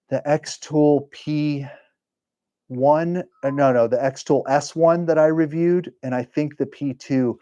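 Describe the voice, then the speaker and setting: Man, livestream host, warm mellow tone, rambling and chatty. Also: mid-range voice, no room sound. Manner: rambling, self-correcting, chatty. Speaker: livestream host and engraving business owner. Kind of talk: casual live-stream chat.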